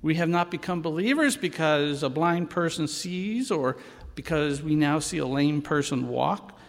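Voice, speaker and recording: Male preacher, storytelling sermon, high voice, unhurried delivery. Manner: slow, expressive storytelling. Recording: long hall reverb.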